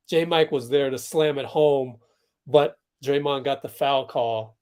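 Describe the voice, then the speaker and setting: A man's voice: medium pitch, fairly even intonation, slow pace, darkish tone, clean tone. A man hosting a livestream, giving casual commentary on a basketball game and talking to chat viewers as plays happen. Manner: chatty, reacts to plays, talks to chat viewers. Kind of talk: casual live commentary for a watch-along stream.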